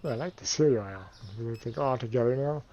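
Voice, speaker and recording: A man's voice: medium pitch, quick pace, mellow, dull audio. A man giving playful, casual commentary over a game, counting and thinking aloud to himself while he keeps yawning. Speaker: let's play gamer.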